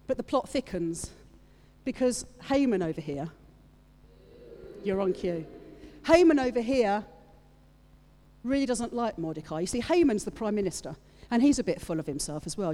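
A woman with a slightly high, somewhat mellow voice preaches a sermon in a church hall before an audience. She retells a story with playful asides to her congregation, and the recording carries the long reverb of a large hall.

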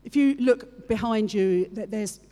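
A woman's voice: mid-range voice, unhurried, mellow. A woman preaching a sermon, retelling a story with playful asides to her congregation. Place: church hall with audience. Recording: long reverb of a large hall.

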